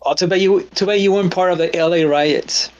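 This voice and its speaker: A man's voice: high-pitched, steady tone, fairly quick. A middle-aged man hosting a stream, chatting casually and rambling, repeating words as he goes. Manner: rambling, repeats words, quotes people in exclaiming voices. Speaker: stream host. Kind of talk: casual chat. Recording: dull lo-fi stream audio.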